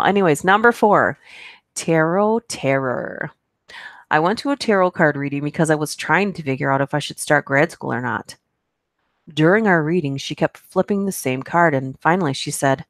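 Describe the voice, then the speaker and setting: A woman's voice: low voice, normal speed, dry recording, studio quality. A woman hosting a live stream, reading creepy stories aloud and chatting with asides between them. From United States. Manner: reads aloud with asides, laughs at herself.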